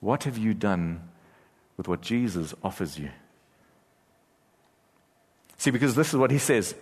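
A man's voice: lowish voice, animated, measured pace, slightly rough. Man preaching a sermon, echoey hall. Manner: earnest preaching, rising intensity, then hushed prayer. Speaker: pastor. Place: church hall. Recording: church hall reverb.

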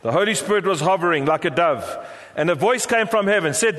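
A man's voice: sits high, animated, fast, hardly any pauses, fairly bright tone. A middle-aged South African man preaching a sermon as pastor, prompting the congregation to repeat phrases back to him. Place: large church hall. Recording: long hall reverb.

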